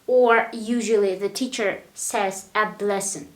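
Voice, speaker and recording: A woman's voice: medium pitch, fairly even intonation, a little slow, reverberant. A woman teaching English grammar. She talks patiently, repeats her examples and keeps checking in with "right?".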